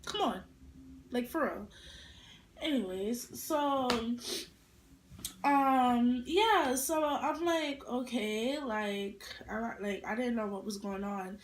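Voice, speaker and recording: A young woman vlogger telling a casual storytime, animated and full of attitude as she acts out quotes. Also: fairly high pitch, takes it slowly, a little hiss or hum. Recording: echoey room.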